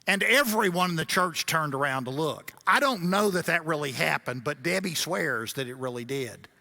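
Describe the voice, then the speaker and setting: A man's voice: on the high side, lively intonation, normal speed, creaky, sharp tone. A middle-aged man giving a seminar lecture as a guest speaker, telling stories with wry asides.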